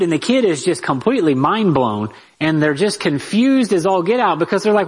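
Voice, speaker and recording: Male Bible teacher, husky and a bit high-pitched, lively and direct with listeners. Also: a little fast, rough recording. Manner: lively, talks straight to the listeners with rhetorical asides. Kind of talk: conversational Bible lesson.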